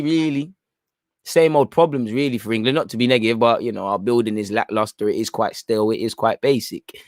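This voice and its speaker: Hosting a live football watchalong, this man speaks briskly in a steady, mid-range voice, giving casual, strongly opinionated commentary and frequently adding "man" to his phrases. He reads chat messages out loud and reacts to them, captured in a dry, clean studio recording.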